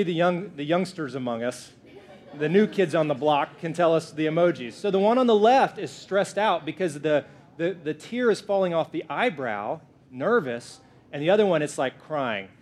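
A male pastor in his thirties preaching to his congregation. He talks in a playful, joking way, teasing the crowd before turning to scripture. His voice sits a bit on the high side. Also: a little slow. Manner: playful, lively, jokes with the congregation. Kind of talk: sermon. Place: church.

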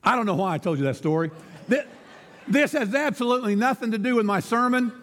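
A man's voice: extremely high pitch, lively intonation, fast talker, a bit bright, long reverb tail. A man preaching a sermon as pastor, telling a folksy story and laughing at his own joke.

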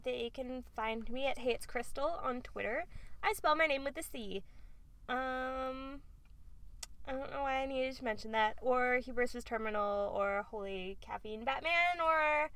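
A woman's voice: high-pitched, a little slow, fairly bright tone, no echo. A woman co-hosting a podcast, chatting and teasing with frequent laughter inside a parked car. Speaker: podcast co-host. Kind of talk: casual chat.

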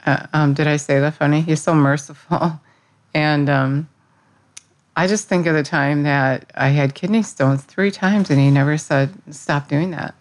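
A woman's voice: sits low, unhurried. A woman giving an earnest, conversational devotional talk, often restarting her sentences. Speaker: devotional speaker. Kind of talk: casual spoken devotional.

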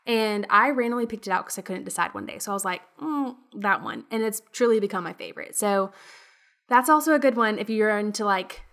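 A young woman in her twenties hosting a podcast, chatting casually and upbeat with quick interjections. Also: medium pitch, fairly bright tone. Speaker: podcast host.

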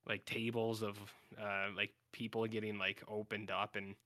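Man, podcast co-host, from Canada, rambling, filler-heavy, lowish voice, dry close sound. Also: level tone, normal speed, pushed and bright, no echo. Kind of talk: casual chat.

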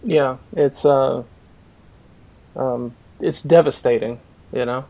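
A man's voice: medium pitch, slow, creaky, dark tone. A man hosting a poetry podcast over a call, talking in a hesitant way with many fillers. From Boston area. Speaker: podcast host. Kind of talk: casual discussion, video call.

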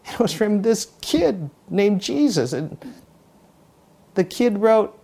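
Mellow-voiced preacher telling a parable. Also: male voice, high-pitched, sing-song, slow, vocal fry, pauses often, breathy edge. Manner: storytelling, conversational. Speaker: pastor. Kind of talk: sermon.

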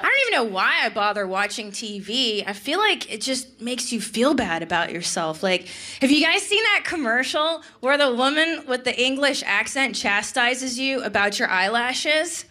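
A woman's voice: fairly high pitch, expressive, normal speed, sharp tone. A woman in her thirties doing a stand-up comedy set in a club, chatty and sarcastic, peppered with "like" and "right?". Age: 30s. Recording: live club with audience noise.

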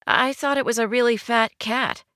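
A woman's voice: fairly high pitch, steady tone, moderate pace, bright, forceful tone, clean tone, no echo, studio quality, voice pushed up. A woman narrator voicing a sheepish, hopeful woman in an audiobook. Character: lonely woman wishing at a fountain, hopeful.

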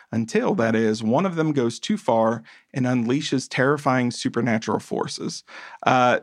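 A man's voice: mid-range voice, no room sound. A man co-hosting a podcast in easy, casual chat. He talks with enthusiasm in a mid-range voice. The sound is dry and close. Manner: chatty, enthusiastic reviewer. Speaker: podcast co-host.

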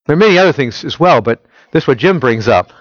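A man preaching a sermon. He keeps asking the listeners rhetorical questions and swings between loud emphasis and quiet, intimate prayer-like tones. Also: medium pitch, lively intonation, fast talker, dry recording, dull audio. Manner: asks the audience rhetorical questions. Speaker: pastor.

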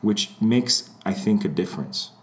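Speaking at a measured pace in a fairly low pitch, a thirtysomething man co-hosts a podcast. His casual chat is full of lively storytelling where he voices the characters himself and curses freely.

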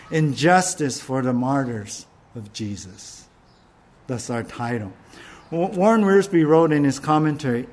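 A man preaching with fervent emphasis and a somewhat high voice. He stumbles and restarts phrases as he drives each point home, moving between quick asides and slow, weighty lines. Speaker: pastor. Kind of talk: sermon.

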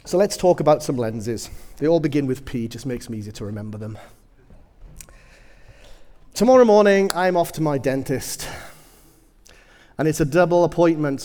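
Lively man preaching in a hall. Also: medium pitch. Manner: animated, humorous storytelling, self-deprecating asides. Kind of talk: sermon with personal stories.

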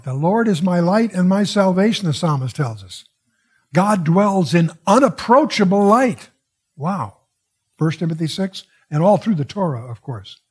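A man teaches through a Bible passage, his voice husky and pitched a little high. He muses as he goes, drifting into asides and circling back with restarts. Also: a little mellow. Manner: digressive, musing, frequent wows and restarts.

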